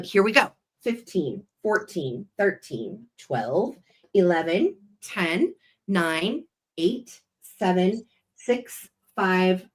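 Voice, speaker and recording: A woman hosting a live online vintage sale, greeting viewers effusively and counting down bids. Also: lowish voice. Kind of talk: live online auction chat.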